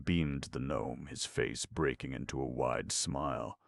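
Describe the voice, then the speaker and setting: Very deep gravelly male narrator. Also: measured pace, few pauses, no echo, studio quality. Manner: steady storytelling. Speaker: audiobook narrator. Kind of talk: scripted narration.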